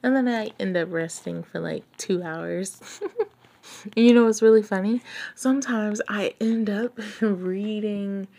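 A woman's voice: medium pitch, unhurried, gravelly, mellow. A woman podcast host reading a book aloud, often breaking off to chat and reflect with light laughter. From outside England. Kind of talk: book reading with casual commentary.

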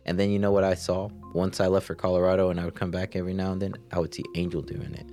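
Young man, deep voice, animated storyteller who mimics coworkers; faint background music. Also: rapid-fire. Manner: animated storytelling, acts out coworkers' lines in Spanish and English. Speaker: guest. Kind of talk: casual chat.

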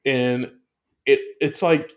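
A man chatting casually about a film, animated and profane, rambling with restarts as he talks. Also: mid-range voice, takes it slowly. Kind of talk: casual movie review chat.

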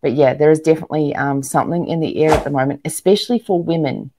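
A woman's voice: low-pitched, fast, background noise. A woman, a guest entrepreneur giving earnest, motivational advice in casual interview talk with frequent ums and restarts. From New Zealand. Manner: earnest, motivational, many fillers.

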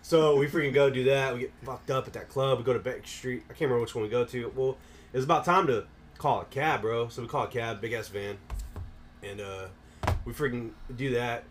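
A man's voice: medium pitch, brisk, a little hiss or hum. Swearing man spinning a rowdy story. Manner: rambling, heavy swearing, lots of "bro" and "dude". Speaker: podcast host and storyteller. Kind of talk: casual profane storytelling.

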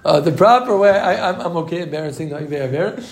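A man's voice: on the high side, quick pace. A man teaching a casual Talmud class, mixing English with Hebrew and Yiddish terms and repeating himself as he works through the text.

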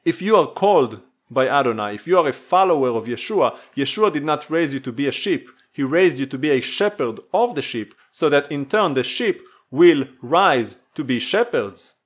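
A man's voice: fairly high pitch, animated, moderate pace, few pauses, slightly rough. A man preaching an earnest, exhorting sermon that repeats its pleas. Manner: earnest, exhorting, repetitive pleading.

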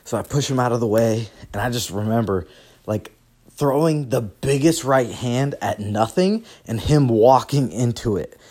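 Young male podcast host, mid pitch, casual and profane, rambling storyteller. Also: moderate pace, darkish tone. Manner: profane, rambling, laughs through his stories.

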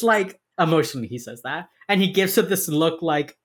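A woman's voice: low voice, expressive, normal speed, fairly bright tone, husky. A woman co-hosting a casual chat, animatedly acting out lines from a TV show and swearing freely. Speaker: podcast co-host recapping a TV crime drama.

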